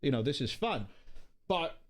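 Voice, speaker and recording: A man hosting a podcast, talking in an animated, exasperated, profane rant. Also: mid-range voice, moderate pace. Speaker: podcast host. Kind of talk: casual ranting commentary.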